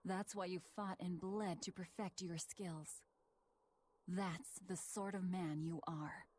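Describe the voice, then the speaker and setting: An actress playing a frank young female companion in a game, talking in a calm, direct way. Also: on the low side, slow pace, slightly rough. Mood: firm.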